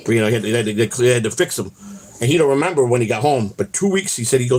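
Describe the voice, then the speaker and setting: Husky man rambling on a walk. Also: medium pitch, lively intonation, fast talker, a little mellow. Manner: rambling and profane, with lots of restarts and "man". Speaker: vlog host. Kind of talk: rambling casual storytelling while out walking. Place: outdoors on a walk.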